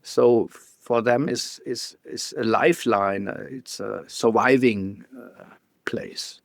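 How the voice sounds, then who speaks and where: A man with a German accent, a guest photographer telling stories in a casual interview, halting and restarting often with small laughs. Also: mid-range voice, gravelly, no echo, studio quality.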